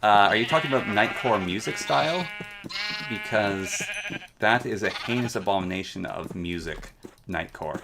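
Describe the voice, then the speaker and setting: A man's voice: fairly low pitch, animated, moderate pace, vocal fry, heavy background noise. A man from the Yukon chatting casually while streaming a game, reading chat aloud and making playful asides. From Yukon, Canada. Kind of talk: casual gameplay commentary.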